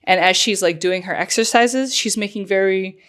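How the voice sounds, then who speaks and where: A woman's voice: medium pitch, normal speed, fairly bright tone. A woman co-hosting a podcast, casually retelling a story with lots of fillers and laughs. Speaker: podcast co-host. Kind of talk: casual chat.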